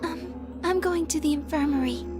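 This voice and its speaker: A timid, gentle young woman with a very high, light voice and a hesitant way of speaking, as a female streamer puts her on while reading game text. Faint music plays behind her. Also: normal speed, natural voice.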